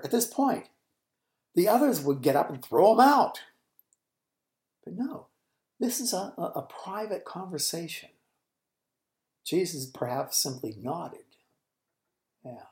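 A man hosting a Bible teaching podcast, explaining scripture in an unhurried, thoughtful way and dropping to a whisper for quoted lines. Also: sits high, very animated, a little mellow, echoey room.

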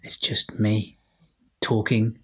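A man's voice: fairly low pitch, flat delivery, slow pace, breathy edge. A man hosting a podcast alone into his laptop at home, rambling and self-mocking with frequent restarts. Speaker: podcast host. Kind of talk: solo casual monologue to listeners.

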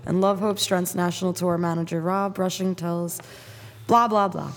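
A woman's voice: lowish voice, normal speed. A woman co-hosting a chat show, casually reading out news items and skipping parts. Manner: plain, slightly flat reading, skips with "blah blah". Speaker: podcast co-host reading news. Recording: long reverb.

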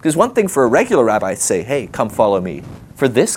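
A man giving a sermon in a loose, conversational way, animated and thinking aloud with fillers and quick laughs. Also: medium pitch, a little hiss or hum. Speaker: preacher. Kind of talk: sermon teaching.

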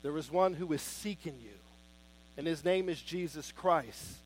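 A man preaching a sermon with fervent emphasis, swinging between loud declarations and soft, hushed pleas. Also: fairly high pitch, unhurried, a little hiss or hum.

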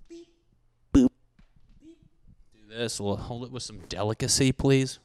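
A man hosting a podcast, ranting in a casual, profane and animated comic way into a handheld microphone. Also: mid-range voice, moderate pace, smooth. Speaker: podcast host. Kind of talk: casual comedic rant.

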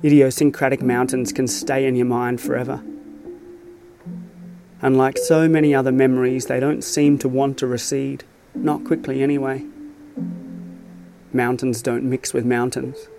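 Man calmly reading a reflective essay. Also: medium pitch, gravelly, music in the background. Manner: reflective, measured. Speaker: storyteller. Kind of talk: scripted narration of a personal essay.

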